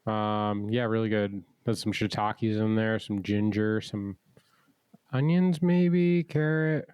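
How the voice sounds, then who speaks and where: A man's voice: lowish voice, slow, a little mellow, clean tone, dry recording, highs cut off. A man co-hosting a podcast, chatting casually with playful, goofy, teasing humor. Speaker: podcast co-host. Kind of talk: casual chat.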